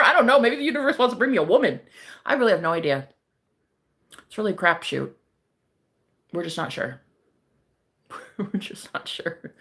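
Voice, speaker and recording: A woman's voice: medium pitch, fairly bright tone. A brash, joking woman chatting casually as a streamer, breaking into laughter often. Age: adult, married eight and a half years. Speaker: psychic streamer. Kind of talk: casual chat.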